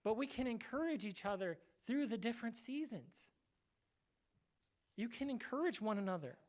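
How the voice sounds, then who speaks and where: A man's voice: extremely high pitch, animated, moderate pace. A male pastor giving a casual, conversational sermon, acting out short quoted voices now and then.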